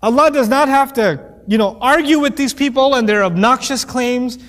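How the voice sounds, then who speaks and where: A man teaching a lecture on Quranic Arabic, animated and playful, acting out quoted voices as he explains. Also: very high-pitched, normal speed, in a large hall.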